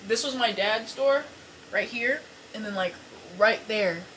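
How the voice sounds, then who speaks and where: A young woman hosting a podcast, telling an embarrassing story to camera in a casual, animated, profane way, full of fillers and apologies. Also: fairly high pitch, unhurried, slight background noise, poor audio. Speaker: podcast host. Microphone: camera set up in front of her.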